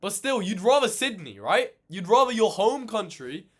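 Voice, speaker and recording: A man ranting in casual reaction commentary, animated and swearing a lot, exasperated. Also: high voice, normal speed, slightly rough. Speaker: reaction channel host.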